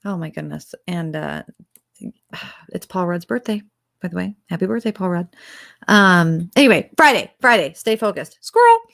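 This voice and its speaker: A woman co-hosting an astrology podcast, talking in an animated, enthusiastic and rambling way. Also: fairly low pitch, normal speed, vocal fry, dry recording. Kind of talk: casual chat.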